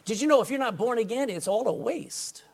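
A man's voice: very high voice, lively intonation, brisk, gravelly, darkish tone, breathy edge. A man preaching a sermon to a congregation, folksy and emphatic, often calling for an amen. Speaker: pastor. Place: indoor room with a congregation.

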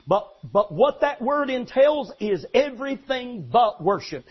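An older man, a longtime pastor, preaching an animated sermon with emphatic restarts and sudden shouts. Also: very high voice, a little slow, slightly rough, muffled recording.

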